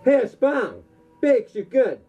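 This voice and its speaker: A man voicing a boastful male martial-arts villain from a badly dubbed kung fu film, bragging in slow, drawn-out lines. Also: extremely high pitch, very animated, breathy edge, faint music behind, voice pushed up, heavily acted. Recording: dull lo-fi recording.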